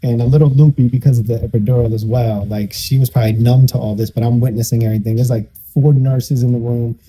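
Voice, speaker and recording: A man's voice: medium pitch, steady tone, fast, mellow, a little hiss or hum. A young man at a church conversation telling a personal testimony in an emotional, vivid way, acting out the people in it. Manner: emotional, vivid storytelling that acts out the people involved. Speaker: guest.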